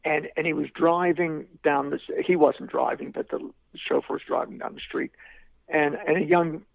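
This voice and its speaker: A man in a podcast interview tells a long story, circling back with restarts and repeated words. His voice is heavily gravelly and a touch high. It comes through a tinny, phone-like line with a dry sound. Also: steady tone, normal speed, no room sound. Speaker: podcast guest. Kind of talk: anecdotal storytelling.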